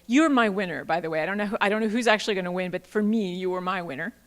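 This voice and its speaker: A woman's voice: medium pitch, racing. Playful woman presenting in a reverberant hall. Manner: playful, animated, jokey asides. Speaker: workshop presenter. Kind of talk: conference workshop talk. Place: large auditorium.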